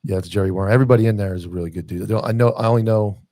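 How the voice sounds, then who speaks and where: A man hosting a casual podcast conversation, talking quickly and often chiming in with agreement. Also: fairly low pitch, dark tone, no room sound. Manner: rapid talker with frequent agreeing "yeah"s. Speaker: podcast host.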